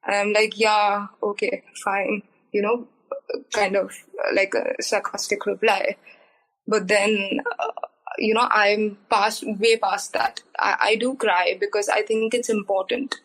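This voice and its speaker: Flat-voiced young woman, candid and earnest. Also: medium pitch, measured pace, poor audio. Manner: candid, earnest, full of fillers. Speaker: guest. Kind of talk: podcast interview.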